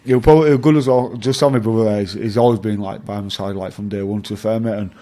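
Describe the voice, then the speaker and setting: A man's voice: lowish voice, steady tone, rapid-fire, warm tone. A young man with an English accent, a rugby league player chatting as the interview guest, rambling with frequent fillers and swearing, calling people mate. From England. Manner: rambling, laughs often, swears, says mate. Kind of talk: casual interview chat.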